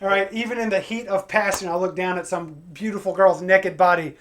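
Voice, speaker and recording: A man doing a stand-up comedy set, crude and energetic, breaking into acted-out voices for his punchlines. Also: sits high, fast, few pauses, noisy background. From Pacific Northwest of the USA. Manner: crude, energetic joke delivery with acted-out quotes.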